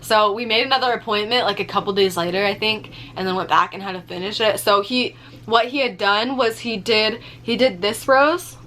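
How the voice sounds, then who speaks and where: A young woman telling a story in a casual vlog, animated, swearing freely and using lots of fillers. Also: medium pitch, moderate pace, a little hiss or hum. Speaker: vlogger.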